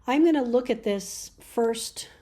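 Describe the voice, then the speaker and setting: A middle-aged woman giving a relaxed spoken lesson on church chanting, explaining with fillers and restarts. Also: on the high side, measured pace. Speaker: chant teacher.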